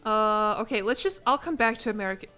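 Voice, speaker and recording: A woman's voice: mid-range voice, fast talker, bright, forceful tone, clean tone, soft background music. A young woman streaming a game, talking casually and laughing at her own mistakes, often apologizing. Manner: self-deprecating, laughing, apologetic. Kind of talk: casual live-stream commentary.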